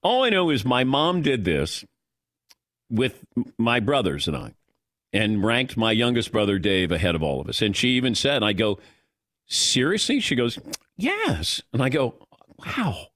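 A man's voice: mid-range voice, very animated, normal speed, fairly bright tone, dry recording, clean studio sound. A man in his sixties hosting a sports radio show, telling self-mocking stories in a casual chat and acting out the lines of the people in them. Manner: storytelling, self-mocking, acts out quotes. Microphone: studio microphone.

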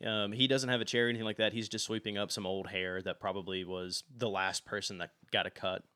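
A young man running a tabletop game as game master, narrating in a relaxed way with many fillers. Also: on the low side, fast, clear, resonant tone, no echo, clean studio sound.

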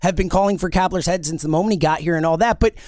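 A man co-hosting a sports podcast, ranting in an animated, exasperated way. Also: sits high, racing, no room sound, clean studio sound. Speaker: podcast co-host. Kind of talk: heated sports chat.

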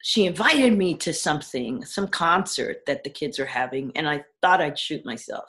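A woman's voice: mid-range voice, moderate pace. A middle-aged woman from the Caribbean, an actor and educator, telling stories in a casual interview over a video call, laughing often and acting out what people said. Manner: animated storyteller, laughs often, acts out quotes.

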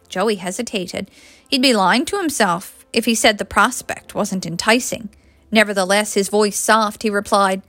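A woman narrating a story in an expressive reading voice. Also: medium pitch, moderate pace, no room sound. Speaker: audiobook reader.

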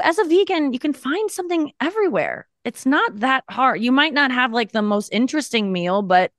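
A woman's voice: a little high, a bit bright, dry recording, clean studio sound. A woman in her thirties, a comedian guest on a podcast, talking in a candid, rambling and self-mocking way. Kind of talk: casual podcast chat.

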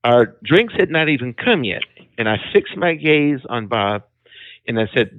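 A man telling a dramatic personal testimony as a guest, calling in over the phone, emphatic and animated. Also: medium pitch, measured pace, no room sound. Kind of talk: storytelling testimony. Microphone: phone call. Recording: tinny phone line.

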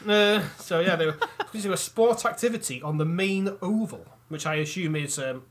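A man's voice: high voice, moderate pace. A man co-hosting a podcast in casual chat, joking and laughing as he reads a spooky story. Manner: jokey, laughing, slips into silly put-on voices. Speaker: podcast co-host.

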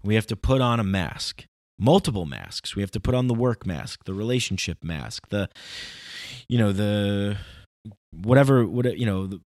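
Male, reflective monologue, digressive and emphatic, deep-ish, dry recording. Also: expressive, normal speed, a little mellow, no room sound. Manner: rambling, philosophical, emphatic.

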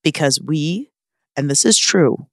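A woman's voice: low voice, expressive, measured pace, no room sound, clean studio sound. A woman co-hosting a podcast in casual chat, playful and bossy, swearing casually. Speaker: podcast co-host. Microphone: studio microphone.

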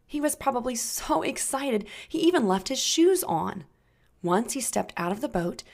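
A woman narrating a Bible story for young children, gentle and inviting the listeners to join in. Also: a little high, very animated, moderate pace, creaky, noisy background.

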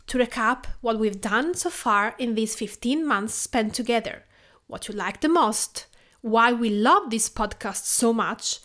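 A Tuscan woman of around forty with an Italian accent, hosting a podcast and telling her story in a calm, measured scripted reading. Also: fairly high pitch. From Tuscany, Italy. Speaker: podcast host and home cook.

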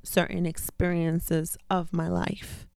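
A woman's voice: lowish voice, level tone, slow, vocal fry, darkish tone, no room sound, studio quality. A woman hosting her own podcast, talking candidly and casually, repeating phrases for emphasis. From daughter of immigrant parents. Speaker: podcast host. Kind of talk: casual personal monologue.

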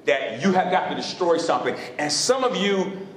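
A man's voice: a little high, very animated, normal speed, a bit bright, slight background noise. A man preaching a sermon as pastor, questioning his congregation in call-and-response style from a church sanctuary. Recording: echoey hall.

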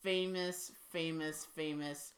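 A woman co-hosting a podcast, chatting casually and teasing her co-host with quick asides. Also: low-pitched, steady tone. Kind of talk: casual chat.

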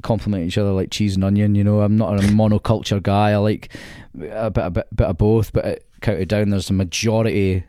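A man's voice: fairly low pitch, flat delivery, brisk, hardly any pauses, mellow, clear, resonant tone, no room sound, clean studio sound. A man talking casually about golf courses as a podcast guest, chatty and laughing often, with stammering restarts.

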